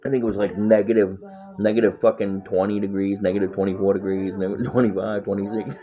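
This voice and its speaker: A man's voice: fairly low pitch, fairly even intonation, fast talker, warm tone, soft background music, poor audio. A man chatting casually on a livestream, rambling and swearing a lot and often laughing.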